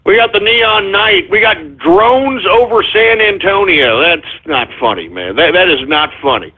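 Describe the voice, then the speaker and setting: A man hosting a live internet radio show, brash and profane, mocking his listeners and breaking into sudden shouts. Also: high voice. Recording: tinny phone-like lo-fi sound.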